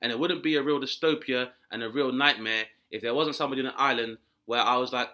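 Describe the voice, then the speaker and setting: A man doing animated comic storytelling, acting out characters with big pitch jumps and swearing. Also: fast talker, hardly any pauses. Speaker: comedian guest.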